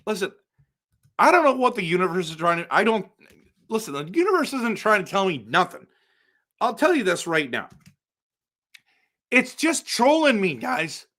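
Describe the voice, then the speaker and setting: A man hosting a casual live stream for viewers, excitable and exasperated, breaking into loud outbursts. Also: high-pitched, moderate pace, long pauses. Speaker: livestream host.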